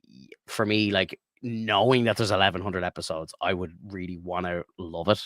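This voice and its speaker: A man's voice: low-pitched, moderate pace, no echo, studio quality. A man co-hosting a podcast in casual chat, rambling easily with lots of fillers. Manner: relaxed, rambling, lots of "like" and "you know". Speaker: podcast co-host.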